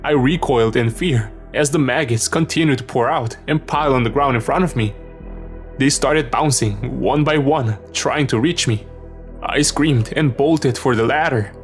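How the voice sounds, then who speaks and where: A man's voice: mid-range voice, moderate pace. Male horror story narrator over music. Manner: tense, dramatic storytelling. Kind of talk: scripted narration. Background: background music.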